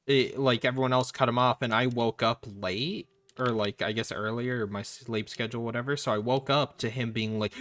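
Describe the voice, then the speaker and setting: A man's voice: mid-range voice, steady tone, moderate pace, few pauses, fairly bright tone, dry recording. A man streaming, chatting casually and telling a long story, acting out what others said, with lots of fillers. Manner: rambling storyteller acting out quotes, many fillers. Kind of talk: casual chat.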